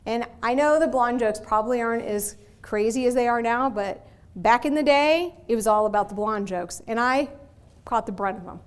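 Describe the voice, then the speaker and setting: A woman with a mixed Michigan and Texas accent giving an animated motivational lecture, asking the audience questions. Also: fairly high pitch, normal speed, clean tone. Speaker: guest speaker. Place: university lecture hall.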